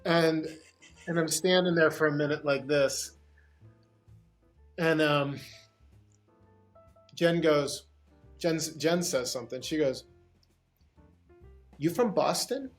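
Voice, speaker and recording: A man from Pittsburgh sits in as a guest and tells a long, animated story about his acting work, circling back and restarting often. His voice sits a little high for a man, and faint guitar music plays underneath. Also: slow, pauses often. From Pittsburgh, USA. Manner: animated, rambling with restarts and laughter. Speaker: guest actor. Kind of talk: anecdotal interview storytelling.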